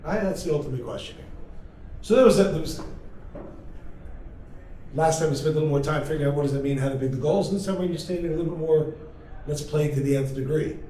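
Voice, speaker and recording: Energetic rabbi lecturing in an echoey hall. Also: male voice, on the high side, quick pace, long pauses. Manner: energetic and humorous, with many rhetorical questions. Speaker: rabbi teaching a class. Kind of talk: lively classroom lecture with storytelling. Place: large study hall. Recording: very echoey hall, mic far off, faint noise.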